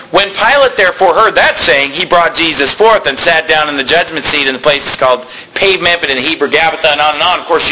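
High, bright-voiced man preaching a sermon. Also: slight background noise, low-quality recording. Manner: reads scripture slowly, then explains it in plain casual talk. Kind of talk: sermon with scripture reading.

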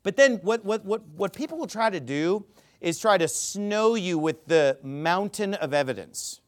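A man's voice: high voice, animated, measured pace. A man talking as a Bible teacher in an informal rebuttal, emphatic and casual, often restarting his sentences.

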